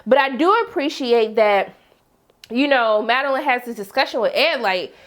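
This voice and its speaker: A woman chatting casually as she recaps a TV episode, slangy and animated, acting out her own reactions. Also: on the high side, moderate pace. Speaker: TV review vlogger.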